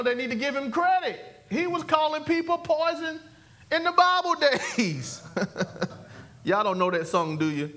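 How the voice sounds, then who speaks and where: A male preacher with a notably high voice delivers a lively sermon. He swings from raised, excited calls to hushed, lower asides and keeps pulling responses from the congregation.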